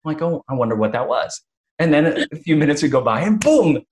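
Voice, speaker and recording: A man hosting a casual interview who tells stories with energy. He slips into other people's voices as he retells what they said, with quick restarts and plenty of "you know.". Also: a little high. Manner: animated storyteller, acts out quotes. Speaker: podcast host.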